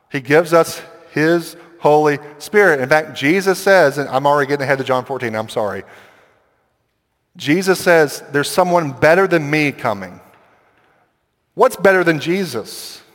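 Male pastor, sermon, chatty and animated delivery, slightly raised pitch, reverberant hall sound. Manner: conversational, animated, quick asides and acted quotes.

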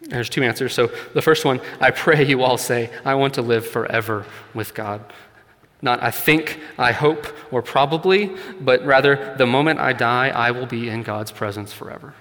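A man with a slightly bright mid-range voice speaks at normal speed, preaching a sermon in a church hall with long reverb. His tone is earnest and conversational, with light laughs and growing emphasis on the points that matter most.

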